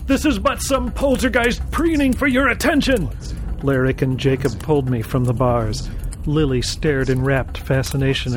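Male narrator, first-person horror reading, dramatic delivery with dark, slowed emphasis. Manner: dramatic, drops low and slows for grim moments.

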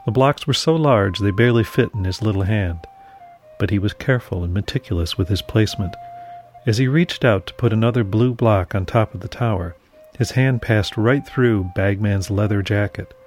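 Man narrating a dark story. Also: fairly low pitch, slight background noise. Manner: measured storytelling. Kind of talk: scripted narration.

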